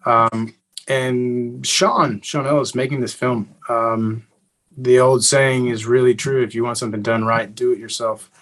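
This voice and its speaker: A young adult man from Eastern Kentucky, answering interview questions in a relaxed way with many fillers and restarts. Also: medium pitch, unhurried, low-quality recording. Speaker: actor guest.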